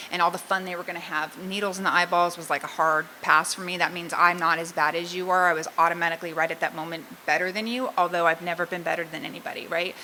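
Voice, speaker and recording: A woman's voice: fairly low pitch, sharp tone, a little hiss or hum, low-quality recording. A middle-aged woman from Southern California gives a candid, self-mocking personal testimony as a recovery meeting speaker and laughs often.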